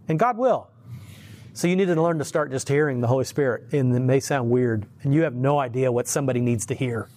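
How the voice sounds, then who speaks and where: A man's voice: medium pitch, brisk, a little mellow. Conversational man preaching informally. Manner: conversational, storytelling, chuckles, frequent restarts. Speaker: lay preacher. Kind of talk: informal sermon.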